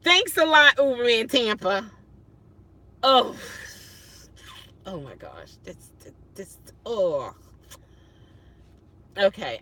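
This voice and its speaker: A woman's voice: medium pitch, pushed and bright. A woman rideshare driver chatting casually on a phone livestream from her parked car at night, flustered and exclaiming often. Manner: flustered, exclaiming and laughing at herself.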